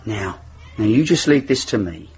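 A man's voice: on the low side, expressive, natural voice. Picture an actor as a kindly male schoolteacher whose voice rises and falls a great deal as he soothes worried pupils. It comes through dull, lo-fi TV sound with a faint hiss behind it. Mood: reassuring. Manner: gentle, reassuring, flustered when rushed. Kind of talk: television drama acting.

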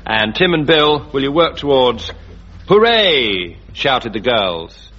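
A man hosting a radio panel game, briskly announcing scores and tasks. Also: medium pitch, expressive, pushed and bright. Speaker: quiz host. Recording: dull, noisy old radio recording.

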